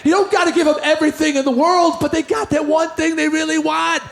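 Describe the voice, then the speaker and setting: A rock singer telling a rowdy shouted story to a live audience. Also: male voice, extremely high pitch, flat delivery, fast, gravelly, reverberant. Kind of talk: shouted stage monologue.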